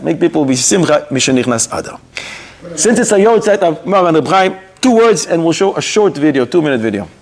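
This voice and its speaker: A middle-aged man teaching a Torah class in a sermon style, with Yiddish-inflected Hebrew words, rising sharply into mock rebukes. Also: high-pitched. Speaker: rabbi giving a Torah class.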